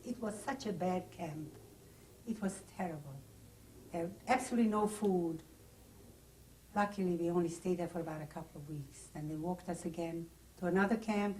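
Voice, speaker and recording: A woman's voice: on the low side, a little mellow, distant mic, slight background noise, poor audio. An older woman giving oral history testimony, recounting her memories in plain, vivid first-person detail. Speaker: interviewee. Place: private home.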